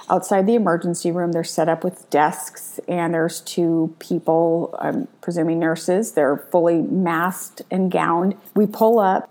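A middle-aged woman recounts a personal experience in an earnest, reflective monologue. Her voice sits lower than most women's and carries a gravelly, creaky texture as she circles back and restarts her sentences. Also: a little mellow.

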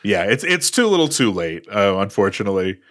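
A man's voice: fairly low pitch, very animated, brisk, a bit bright. A man co-hosting a movie podcast, laying out careful, analytical arguments in casual chat. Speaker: podcast co-host.

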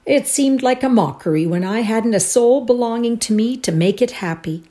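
A woman's voice: a little high, animated, moderate pace, voice pushed up, natural voice. A woman voicing a crabbed old uncle in a read-aloud story, speaking earnestly and with regret. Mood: tender. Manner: earnest, warmly apologetic. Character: gruff, remorseful old bachelor uncle.

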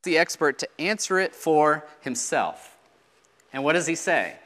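A man's voice: a little high, measured pace, pushed and bright, a little hiss or hum. A man preaching a sermon in a teaching manner, asking rhetorical questions and letting his voice drop at the ends of phrases.

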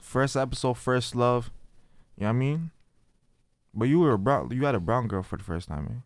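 A young man co-hosting a casual podcast chat, loud and laughing, full of slang. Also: medium pitch, expressive, a little fast, dry recording. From Canada. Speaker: podcast co-host.

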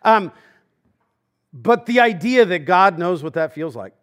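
A man's voice: sits high, lively intonation, a little slow, a bit bright. A man preaching a sermon as pastor, in a casual, conversational way with frequent fillers and asides. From Los Angeles. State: preaching with a swollen knee in a brace.

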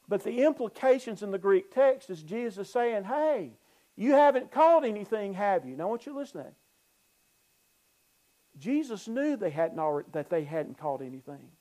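Male preacher, mellow warm voice, fairly high, animated sermon delivery with conversational scripture commentary. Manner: animated preaching, swings from loud emphasis to low asides; reads scripture aloud and explains it conversationally. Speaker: pastor.

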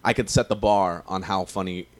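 A man's voice: deep voice, fairly even intonation, normal speed. A man, a stand-up comedian telling stories in a slangy, profane, rambling way during a casual podcast chat.

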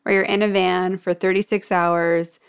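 A woman's voice: lowish voice, flat delivery, moderate pace, gravelly, clean tone. A woman hosting a podcast, chatty and encouraging in easy conversation. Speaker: podcast host. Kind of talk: casual chat.

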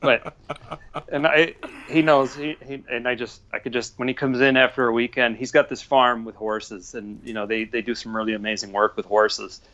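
A man's voice: fairly even intonation, normal speed, fairly bright tone. A man in his forties, a podcast guest telling rambling stories with lots of fillers. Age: 40s. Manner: rambling, chuckling storyteller with many fillers. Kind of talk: casual podcast chat. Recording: dull low-fidelity audio.

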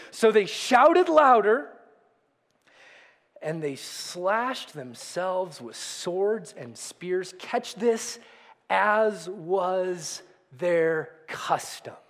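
A middle-aged man preaching a sermon as a pastor, swinging between loud emphasis and near whispers. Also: sits high. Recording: long hall reverb.

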